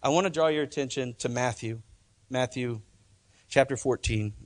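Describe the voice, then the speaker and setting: A man's voice: mid-range voice, moderate pace. A male pastor preaching a sermon in church, talking conversationally and emphatically, often repeating phrases.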